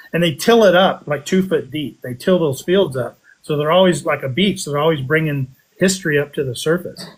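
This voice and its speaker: A man casually telling a story on a podcast, animated, with his voice jumping up high when he quotes himself. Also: low-quality recording. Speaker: podcast guest telling a metal detecting story.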